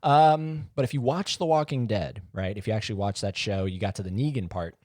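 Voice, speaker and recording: A man's voice: on the low side, brisk, a little mellow, no room sound. A man hosting a solo podcast, talking in a rambling, jokey and self-mocking way into a close mic. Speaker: podcast host. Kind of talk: casual solo podcast monologue.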